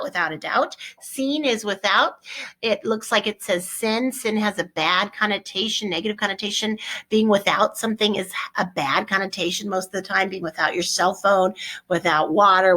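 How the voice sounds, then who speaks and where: A middle-aged woman teaching a Spanish vocabulary lesson in a chatty, lively way, correcting herself as she goes. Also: medium pitch.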